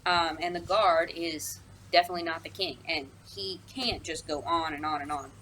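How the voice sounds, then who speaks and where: With a deep, steady, slightly bright voice at normal speed, a young high school English teacher casually walks through a play. This recorded lesson is chatty, packed with ums, fillers and asides. Sound quality is low, with a little hiss or hum.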